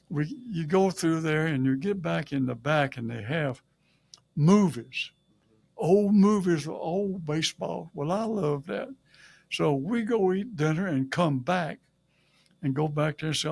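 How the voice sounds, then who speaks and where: Older Louisiana man, Southern drawl, slightly high gravelly voice, funny folksy storyteller. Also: darkish tone, no room sound. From Shreveport, Louisiana. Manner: folksy, humorous, chuckles at his own jokes. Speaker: guest.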